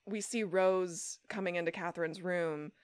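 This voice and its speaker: A woman's voice: on the low side, normal speed, clear, resonant tone. A woman co-hosting a podcast, recapping a TV episode in casual chat, swearing freely and acting out the characters' lines. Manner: animated, swears, acts out quotes. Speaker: podcast co-host.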